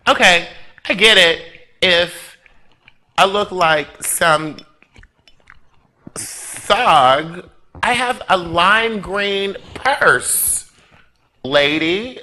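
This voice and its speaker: A man's voice: sits high, expressive, slow pace, pushed and bright. A man hosting a drag talk show, telling a comic story in a theatrical way with laughing asides.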